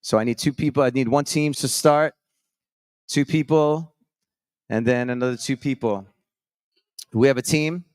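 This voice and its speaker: A man's voice: medium pitch, normal speed, pauses often, darkish tone, smooth, dry recording, studio quality. A man hosting a live show on a conference stage, telling stories in an upbeat, chatty, rambling way with many restarts. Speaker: host.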